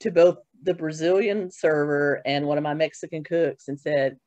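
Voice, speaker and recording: Brief: casual interview host, mid-pitched, chatty, dry studio mic. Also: moderate pace, darkish tone, dry recording, muffled recording. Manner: chatty, storytelling, laughs often. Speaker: podcast host.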